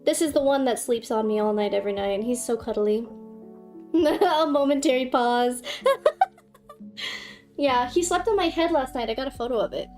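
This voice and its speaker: A woman's voice: on the high side, normal speed, long pauses, a little mellow, soft background music. A young woman hosting a casual livestream, giggly and gushing, swearing casually as she chats. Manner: giggly, swears casually, gushes over her cat. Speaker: livestream host.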